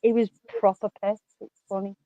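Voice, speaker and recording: A woman's voice: medium pitch, level tone, moderate pace, dry recording, phone-quality sound. Swearing, chatty woman. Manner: swears a lot, laughs often, rambling anecdotes. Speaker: guest on a live chat stream. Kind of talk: casual chat.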